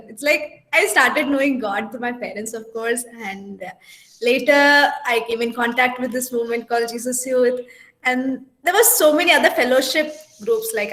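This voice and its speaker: High-voiced young woman, echoey room. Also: a bit bright. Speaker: student participant. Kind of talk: casual sharing in a panel.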